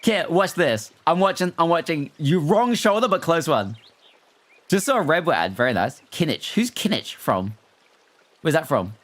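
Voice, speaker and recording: Animated, chatty young-sounding streamer guy. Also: on the high side, moderate pace. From not American. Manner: animated, chatty, reads chat aloud. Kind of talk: casual livestream chat with viewers.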